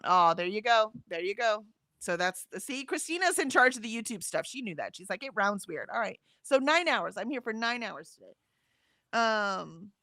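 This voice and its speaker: Female stream co-host, chatty, reads comments aloud; animated, bright delivery. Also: on the high side, dry recording, clean studio sound. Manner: reads chat comments aloud, chatty, laughs often, trails off. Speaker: livestream co-host reading chat. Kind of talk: casual livestream chat.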